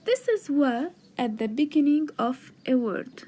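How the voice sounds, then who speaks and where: Slow, patient woman teaching letters. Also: high voice, sing-song, dark tone. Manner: patient, drawn-out sounding of letters. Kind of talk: slow explanatory lesson narration. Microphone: tablet microphone.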